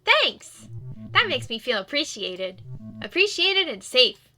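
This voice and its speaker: Woman playing a cheerful ghost dog, high and bouncy, loud and eager, slow and bright. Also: faint music behind, exaggerated voice. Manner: bouncy, excitable and earnest. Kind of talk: reading game dialogue aloud.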